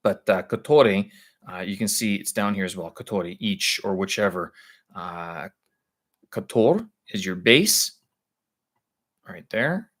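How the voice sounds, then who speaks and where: A man on a live stream, thinking aloud with halting speech as he explains language points to his viewers. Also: low-pitched, expressive, fairly bright tone. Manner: halting, searching for words with many pauses.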